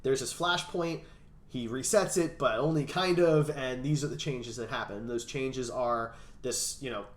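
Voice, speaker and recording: A man's voice: mid-range voice, normal speed. Male podcast host, casual panel chat, easy laugh, roomy echo on the voice. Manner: steers talk, laughs easily.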